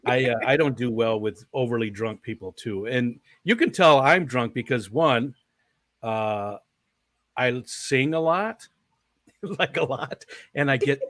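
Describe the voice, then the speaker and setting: A man's voice: medium pitch, unhurried, fairly bright tone, dry recording. Rambling chatty man host, dry sound. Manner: rambling, chuckles often. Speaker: stream host. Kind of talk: casual interview chat.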